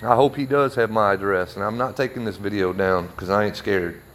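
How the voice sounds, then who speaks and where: A man ranting heatedly on a livestream from his workshop, blunt and forceful. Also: on the low side, brisk, slight background noise. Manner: heated, blunt, with a Southern drawl of words. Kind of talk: angry live video rant.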